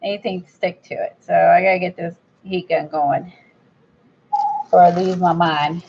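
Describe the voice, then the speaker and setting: A woman's voice: on the low side, steady tone, normal speed, a little mellow, slight background noise. A woman chatting casually while she crafts, blunt and rambling, with an admittedly impatient streak. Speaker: crafter vlogger. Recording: dull lo-fi recording.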